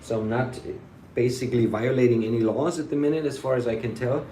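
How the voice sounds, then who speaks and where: A man's voice: mid-range voice, fairly quick, dark tone, a little hiss or hum. A man in a casual, rambling vlog monologue, swearing freely and dropping German phrases. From United States. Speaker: vlogger. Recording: echoey room.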